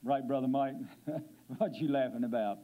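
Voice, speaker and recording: A male guest preacher delivering a sermon in a church, slowing down to stress scripture and dropping to a low, quiet voice for effect. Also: narrow, tinny audio. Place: church sanctuary.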